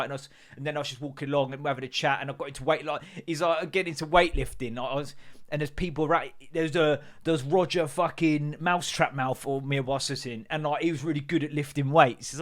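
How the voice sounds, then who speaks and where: A man's voice: on the high side, fairly even intonation, fast talker, fairly bright tone. A man hosting a podcast, telling rambling, sweary stories with jokey put-on voices. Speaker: podcast host. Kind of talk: casual solo rant.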